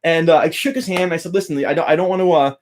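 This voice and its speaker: A man's voice: on the high side, rapid-fire, a little hiss or hum. A young adult man, a guitar teacher, eagerly telling a personal story in casual chat, laughing often and acting out what others said. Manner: animated, laughing, quoting others with voice changes.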